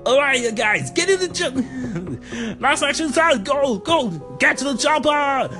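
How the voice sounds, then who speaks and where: A man's voice: very high-pitched, expressive, a little slow, pushed and bright, soft background music, voice pushed up, heavily acted. A man putting on an impression of a famous action star as a chef who barks orders at his kitchen staff. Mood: bossy. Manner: barking commands.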